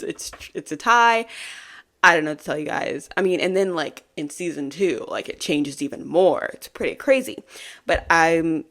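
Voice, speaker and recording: Low-voiced chatty woman hosting a podcast. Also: a bit bright. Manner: chatty and giggly, full of fillers. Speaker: podcast host. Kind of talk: casual TV episode recap.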